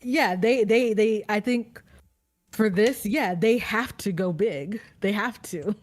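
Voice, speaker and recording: Calm woman guest with a radio-like voice. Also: mid-range voice, slow. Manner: calm, even, told she sounds like radio. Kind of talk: casual podcast chat.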